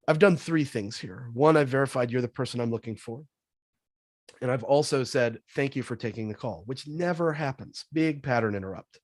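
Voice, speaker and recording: Energetic man coaching on sales. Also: medium pitch, a little fast, no room sound, clean studio sound. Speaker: sales trainer guest. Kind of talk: casual podcast interview.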